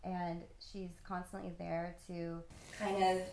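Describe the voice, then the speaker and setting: Upbeat female actress, vocal fry, roomy echo. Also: on the low side, flat delivery, slow pace, far from the mic, a crowd in the background. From California, USA. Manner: upbeat, lots of "like". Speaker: actress guest. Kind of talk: casual interview chat. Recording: echoey room.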